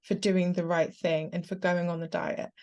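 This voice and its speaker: A woman's voice: fairly low pitch, little pitch movement, moderate pace, darkish tone. A woman hosting a podcast, speaking in an earnest, reflective way and asking long, layered questions in casual interview chat. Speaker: podcast host.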